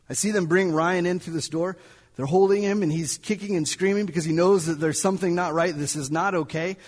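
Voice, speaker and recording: A man's voice: sits high, normal speed, long reverb tail. A male pastor preaching a sermon in a church, telling a story dramatically and sometimes dropping to near-whispers. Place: church sanctuary.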